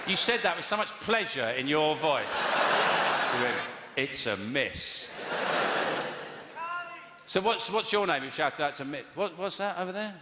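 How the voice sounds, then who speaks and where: A man's voice: high voice, lively intonation, brisk, few pauses, very noisy. A man from England doing stand-up and bantering with the crowd, rambling and correcting himself as he goes. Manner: rambling, self-correcting, mock-outraged. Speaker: stand-up comedian. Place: live venue with audience. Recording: echoey hall, live audience.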